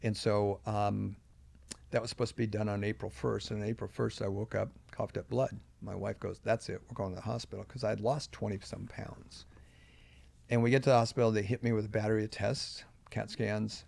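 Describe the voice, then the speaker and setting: A man's voice: fairly low pitch, level tone, moderate pace, creaky, darkish tone, dry recording. An older man, a podcast guest, telling a personal story earnestly and with emphasis at key moments.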